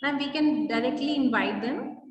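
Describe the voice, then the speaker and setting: A woman's voice: sits high, moderate pace, roomy sound, in a large hall, far from the mic. A woman coordinating a webinar, politely addressing the speaker as ma'am and inviting the students. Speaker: event coordinator. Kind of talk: webinar moderation.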